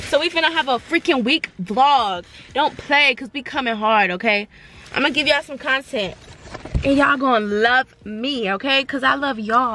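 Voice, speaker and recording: A woman's voice: high-pitched, moderate pace, a bit bright, a little hiss or hum. A young woman, vlogging casually and chatting straight to her viewers in a bubbly, slangy way, recorded on a handheld phone. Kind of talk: casual vlog chat to camera.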